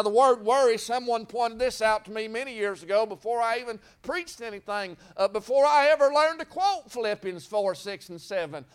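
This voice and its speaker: A man's voice: sits high, clean tone. A man preaching a sermon in a folksy way, full of repeated phrases and rhetorical questions.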